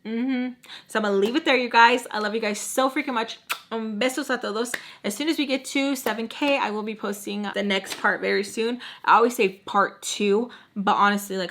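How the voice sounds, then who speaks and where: A woman's voice: medium pitch, fairly bright tone. A young woman telling a storytime on her vlog, chatty and full of "like", dropping in Spanish phrases and acting out the people in her story. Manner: acts out quoted people with voice changes. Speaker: storytime vlogger. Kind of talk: casual storytime chat.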